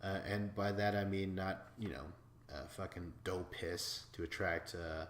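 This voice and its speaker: A man from Wisconsin hosting a podcast, recapping episodes in a casual, excitable way, swearing freely and laughing as he talks. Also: low-pitched, a little slow, roomy sound, slight background noise. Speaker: podcast host.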